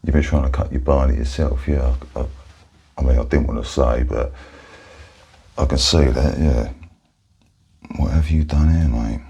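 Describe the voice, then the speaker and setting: A Cockney man speaks in a whispered role-play as a friendly barber. His voice is very deep, gravelly and deeply husky. He stays soft-spoken and chatty throughout. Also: steady tone, moderate pace, pauses often, lo-fi sound. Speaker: barber in ASMR roleplay.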